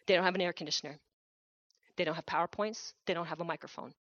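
A woman's voice: on the low side, fast talker, a bit bright, dry recording. A woman preaches a missionary sermon with an earnest, urgent push, circling back on her key phrases. Her voice sits mid-range and is picked up close and dry, with a somewhat dull, muffled tone. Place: church hall.

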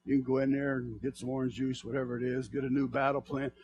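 A male pastor preaching a sermon to his church, swinging from soft murmurs to fervent shouts. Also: mid-range voice, level tone, quick pace, highs cut off.

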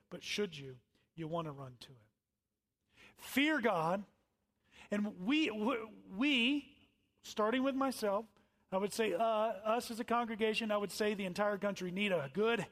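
Middle-aged male pastor, high voice, sermon delivery, dynamic swings from loud to hushed. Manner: swings from loud emphatic lines to quiet near-whispers.

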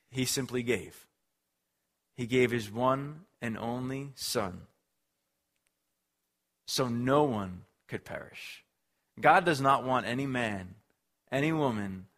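Pastor, male, mid-pitched voice, earnest emphatic sermon delivery with repetition. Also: fairly bright tone.

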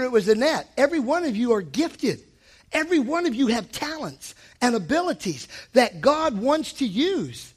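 A man preaching a sermon as pastor at a weeknight church service, emphatic and rising to shouts for emphasis. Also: very high voice.

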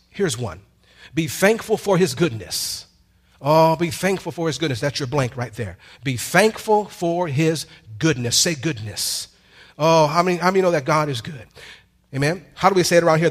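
A man's voice: a little high, breathy edge. Man preaching with call-and-response. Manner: call-and-response preaching, drawn-out emphatic lines; conversational asides and humor. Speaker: pastor. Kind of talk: sermon.

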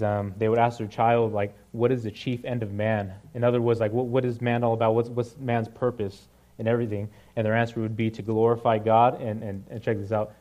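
A man's voice: on the low side, warm tone, highs cut off. A young man giving a casual, conversational sermon, with many fillers and frequent "right?" asides to the listeners. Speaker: preacher.

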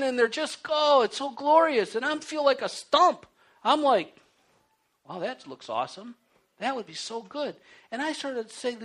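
A man preaching a sermon, with a voice that swoops widely up and down. He tells of his own life with animated storytelling, acting out his pleas with rising intensity. He then reads scripture aloud and explains it verse by verse. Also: very high-pitched. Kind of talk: sermon with personal testimony.

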